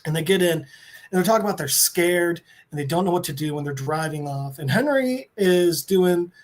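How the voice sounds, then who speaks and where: A man on a podcast, recapping a comic book story with excitement and swearing, briefly voicing the characters. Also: a little high, moderate pace. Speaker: podcast co-host.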